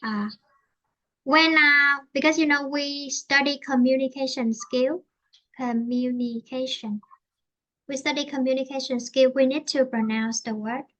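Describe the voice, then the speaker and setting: High-voiced woman teaching English. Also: fairly even intonation, sharp tone, highs cut off. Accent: Vietnamese. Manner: explains slowly in simple English, repeats herself. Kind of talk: online English lesson.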